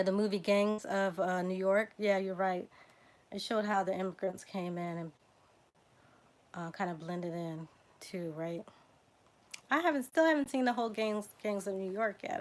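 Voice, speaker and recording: A woman with a Southern US accent hosting a casual livestream, reading out name lists, spelling names letter by letter and chatting with viewers. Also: mid-range voice. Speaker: genealogy livestream host.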